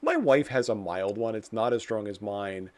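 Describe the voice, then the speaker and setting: A man's voice: on the low side, lively intonation, moderate pace. A man in his thirties with a New Jersey accent, co-hosting a coding livestream in a wry, rambling, self-deprecating way. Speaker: co-host. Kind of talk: livestream chat and teaching.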